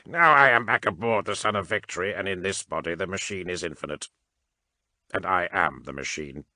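A man voicing a cold, mechanical male cyborg adept who speaks without emotion in slow, precise sentences. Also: deep voice, pushed and bright, no echo.

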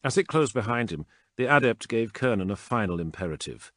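Low-voiced man reading a sci-fi audiobook. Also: very animated, a little fast, fairly bright tone, dry recording, clean studio sound. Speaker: audiobook narrator. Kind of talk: scripted narration.

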